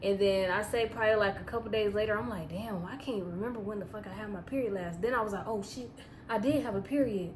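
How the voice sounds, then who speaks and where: A young woman telling a personal story in a casual, profane, animated way, often breaking into laughter. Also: mid-range voice, fast, crowd noise. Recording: echoey room with faint ambience.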